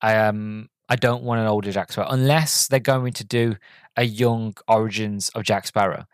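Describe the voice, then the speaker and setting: A man's voice: on the low side, fairly even intonation, normal speed, clean tone, no echo, studio quality. A man hosting a podcast, giving a casual spoken film review. He rambles with many fillers and restarts, and he sounds deflated and let down.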